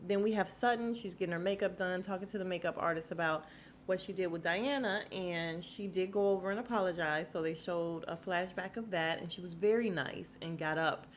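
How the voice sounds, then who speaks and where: Chatty, sarcastic woman podcaster, lowish voice. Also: brisk, a little hiss or hum. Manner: chatty, sarcastic, frequent laughs and asides. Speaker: podcast host. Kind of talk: casual reality TV recap.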